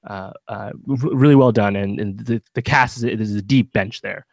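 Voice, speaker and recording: A man with a fairly low voice co-hosts a casual podcast, talking at length and circling back with many fillers and restarts. The sound is close and dry, with no room around it. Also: normal speed, gravelly, no room sound. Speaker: podcast co-host. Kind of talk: casual chat.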